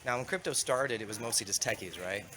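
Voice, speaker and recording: A vlogger and community founder with a head cold walks outside through town to a river, clear street noise behind him. His medium-pitched voice moves fast in a loose, rambling, conversational delivery full of self-corrections.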